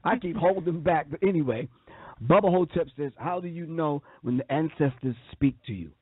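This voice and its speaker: Husky New man, preachy radio co-host. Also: on the high side, moderate pace, dry recording. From New York. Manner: preachy, emphatic, repeats key phrases. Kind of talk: call-in radio talk. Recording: dry tinny phone line.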